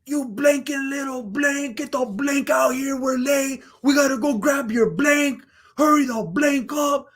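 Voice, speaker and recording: A man voicing a harried mother shouting and scolding her young kids. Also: very high-pitched, a little slow, voice pushed up, full character voice.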